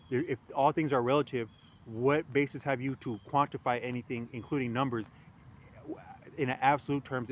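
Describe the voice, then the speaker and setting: A man musing aloud in a casual philosophical monologue, rambling and halting with frequent restarts and fillers. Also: mid-range voice, slight background noise. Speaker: podcast host.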